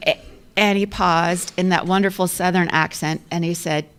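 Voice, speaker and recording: A woman's voice: on the low side, fairly even intonation, normal speed, fairly bright tone, smooth. A woman in her fifties giving a conversational, self-deprecating storytelling speech as an athletic director, often laughing at herself. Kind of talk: storytelling club luncheon speech.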